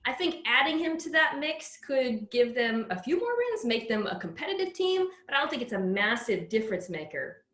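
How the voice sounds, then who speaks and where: Brief: woman sports co-host, animated pitch, slightly high, roomy echoey sound. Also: normal speed, hardly any pauses. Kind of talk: casual sports talk.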